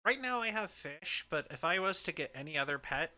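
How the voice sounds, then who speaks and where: A man's voice: fairly high pitch, expressive, a little fast, pushed and bright. A man in casual livestream chat, telling easygoing stories full of fillers. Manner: easygoing storyteller, many fillers. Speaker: streamer.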